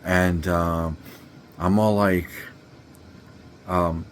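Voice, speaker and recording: A man's voice: low voice, steady tone, slow, long pauses, a little hiss or hum. A man telling a story in a rambling, laid-back way, full of slang and fillers. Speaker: vlogger. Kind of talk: casual storytelling to camera.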